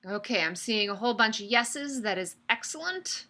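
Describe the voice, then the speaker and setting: Upbeat young woman instructor, bright and slightly high, chatty. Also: animated, normal speed. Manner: upbeat, chatty, addresses students by name. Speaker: online course instructor. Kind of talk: live online class lecture.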